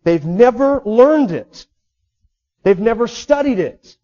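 A man's voice: extremely high pitch, animated, slow pace, dark tone, highs cut off. A man preaching a sermon in an emphatic way, repeating key words for stress. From United States. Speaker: pastor.

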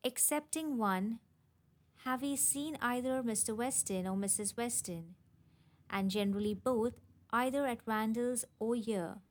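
A woman's voice: fairly high pitch, natural voice. A woman voicing a fretful, melancholy elderly father in a storybook reading, in a plaintive manner.

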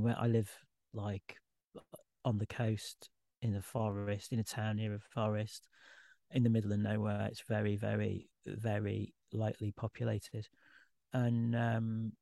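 A man's voice: on the low side, vocal fry, darkish tone, no room sound, clean studio sound. A man who is a guest artist, talking candidly and at length in an informal podcast conversation. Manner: candid, rambling, self-deprecating.

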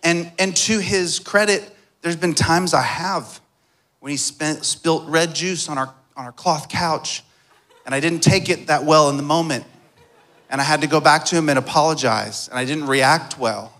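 A man preaching a sermon as a pastor, telling a personal story, his voice moving from soft and hushed to loud and emphatic. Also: a little high, moderate pace.

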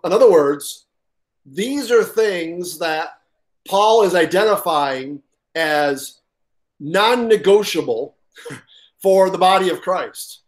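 A man preaching a sermon, reading from a workbook and stressing his points with repeated words and restarts. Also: high voice. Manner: reads aloud from a workbook. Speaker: pastor.

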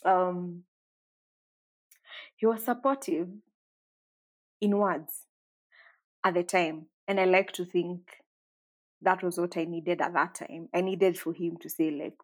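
A woman's voice: fairly low pitch, fairly even intonation, unhurried, pauses often, rough recording. A woman in her thirties, a podcast guest, reflecting conversationally on her life with many fillers. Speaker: interview guest. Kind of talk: candid personal storytelling. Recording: guitar music underneath.

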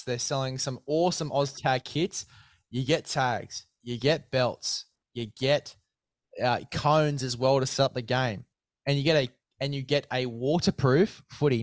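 A man's voice: medium pitch, moderate pace, no room sound. An Australian man hosting a casual sports preview podcast, blokey and chatty, calling his co-host mate and hamming up an ad read. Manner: blokey, keeps saying mate, hammy ad read.

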